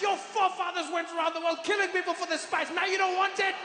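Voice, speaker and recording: High-voiced man doing stand-up. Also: fast. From South Africa. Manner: animated, bursts into shouted punchlines. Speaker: stand-up comedian. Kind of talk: stand-up comedy storytelling. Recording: echoey theatre hall with ambient noise.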